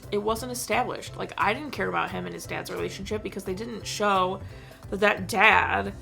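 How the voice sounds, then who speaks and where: A woman's voice: mid-range voice, fairly even intonation, moderate pace, creaky, bright, forceful tone, faint music behind. A woman giving a casual movie review, rambling and exasperated, saying "like" constantly. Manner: rambling, heavy use of "like", exasperated. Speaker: film reviewer vlogger.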